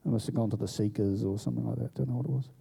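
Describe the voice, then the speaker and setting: A man's voice: mid-range voice, rapid-fire, gravelly, slightly rough. A man telling a story in a sermon, acting out the voices of the people in it. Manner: animated storyteller who acts out voices. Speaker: preacher.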